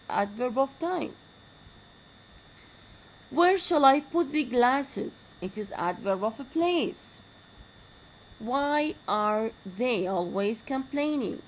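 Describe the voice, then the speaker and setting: A woman giving a grammar lecture, slowly repeating example sentences. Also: on the high side, slight background noise, low-quality recording. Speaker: university lecturer.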